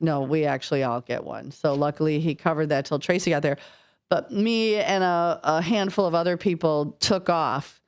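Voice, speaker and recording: A woman's voice: sits low, smooth. A woman co-hosting a local radio show, telling a story in casual banter and acting out the quotes. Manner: lively storyteller, acts out quotes. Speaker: radio co-host. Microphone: studio microphone.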